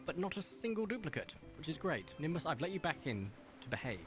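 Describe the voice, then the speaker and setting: A man's voice: a little high, big pitch swings, brisk, few pauses, over music. A man of about thirty, chatting on a gaming stream at his home desk and talking to his cat in a coaxing voice. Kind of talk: casual gaming stream chat. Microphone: desk microphone.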